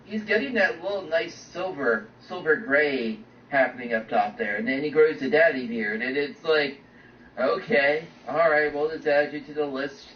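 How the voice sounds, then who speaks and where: A man's voice: a little high, moderate pace. A man co-hosting a casual chat, rambling and agreeable, often restarting his sentences. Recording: roomy, distant, dull lo-fi with faint noise.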